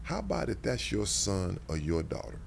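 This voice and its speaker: Gravelly low-voiced man, lively storytelling. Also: normal speed, slight background noise. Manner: earnest storytelling, lots of repeated words and restarts. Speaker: guest, former football player. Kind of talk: casual interview chat.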